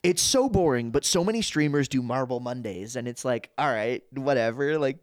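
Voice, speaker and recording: A young man talking casually as a guest on a podcast, animated and full of quoted bits. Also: medium pitch, normal speed, no echo, studio quality. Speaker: guest impressionist and comedian.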